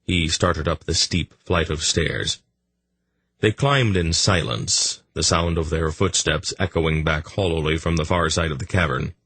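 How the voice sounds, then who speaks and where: A man reading a fantasy audiobook in a measured, even storytelling manner. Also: rumbling low, husky, no room sound. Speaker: audiobook narrator. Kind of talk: scripted fantasy narration.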